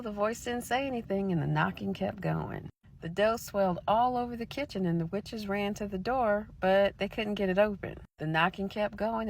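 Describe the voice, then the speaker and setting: A woman tells old folklore in a relaxed, chatty way, breaking off now and then to talk to her viewers. Her pitch sits in the middle range. The recording is dry and close, with no room echo. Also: gravelly. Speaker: folklore storyteller. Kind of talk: casual storytelling narration.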